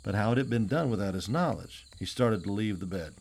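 A man narrating an old adventure novel as an audiobook, in a steady, even storytelling manner. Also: fairly low pitch, a little fast, vocal fry. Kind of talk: scripted narration.

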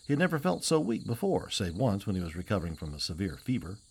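A man reads a novel aloud in a steady, even storytelling manner, with a fairly low voice. It is plain scripted audiobook narration. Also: fast, creaky, husky.

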